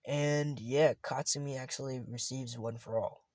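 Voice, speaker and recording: A man's voice: medium pitch, steady tone, normal speed, a little mellow, dry recording. A man casually retelling a fan story, rambling and often correcting himself.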